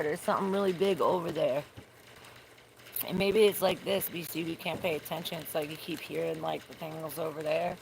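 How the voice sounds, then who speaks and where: Her voice is low-pitched and steady, with vocal fry and a moderate pace. Out in the rain, she does a relaxed, wandering tarot reading, casually cursing and searching for the right words. The outdoor recording is noisy with rain.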